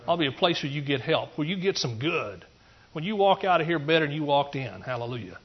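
A pastor from East Texas giving an earnest testimony sermon, rambling through restarts and rising into emphatic preaching. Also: male voice, a little high, very animated, fast, husky, highs cut off.

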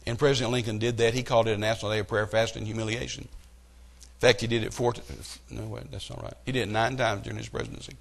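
A middle-aged man preaching a sermon, telling stories and building to loud, emphatic outbursts. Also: on the low side, fast talker, gravelly. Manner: animated storytelling with rising outbursts.

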